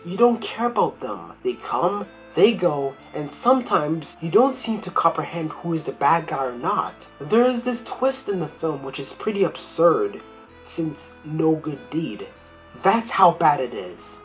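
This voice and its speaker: Woman film critic, low voice, lively swooping pitch, blunt profane rant, faint music behind. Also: low-quality recording. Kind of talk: video film review.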